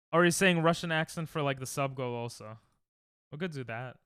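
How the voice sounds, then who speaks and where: Young male streamer, bright clear voice, animated and rambling, dry close sound. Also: moderate pace, no echo. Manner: rambling, laughs often, sudden high yelps. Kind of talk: casual chat with live chat.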